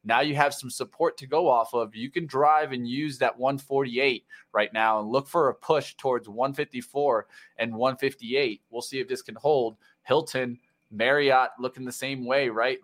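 A man hosting a live stock market show, walking through charts and pumping up viewers to like the stream. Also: medium pitch. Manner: energetic, pumps up viewers.

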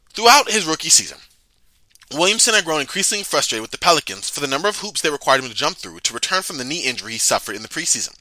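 A man's voice: mid-range voice, bright, forceful tone, no echo. A man hosting a casual sports talk show, chatting loosely with frequent restarts and reading passages aloud. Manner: chatty, stammers and restarts, reads quotes aloud. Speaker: sports podcast host.

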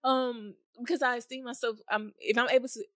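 A young woman hosting a faith-based podcast, talking in a rambling, heartfelt way with many fillers, at times near tears and laughing softly. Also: on the high side, fairly even intonation, fast, no echo, studio quality. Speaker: podcast host.

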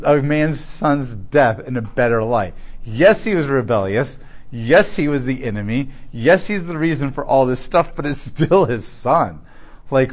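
A man teaching through a Bible passage verse by verse, reading aloud and adding blunt, conversational asides. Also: mid-range voice.

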